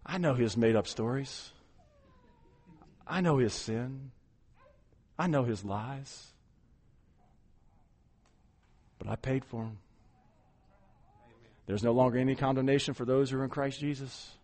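Man voicing a soft, gentle Jesus. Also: medium pitch, unhurried, long pauses, pitched below the performer's own voice, close to an everyday voice. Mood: reassuring. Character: calm, reassuring male Jesus defending a believer.

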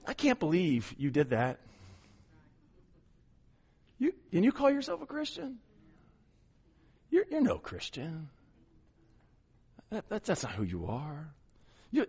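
Preacher putting on a low hushed satan, sneering accuser, quiet and dark. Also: male voice, very animated, moderate pace. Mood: taunting. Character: whispering male Satan, taunting accuser.

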